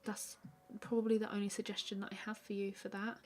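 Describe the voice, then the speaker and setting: A woman's voice: medium pitch, quick pace. Chatty woman streaming art. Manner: relaxed and chatty, many fillers, answers viewer questions. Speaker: artist hosting a live stream. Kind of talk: casual chat while drawing.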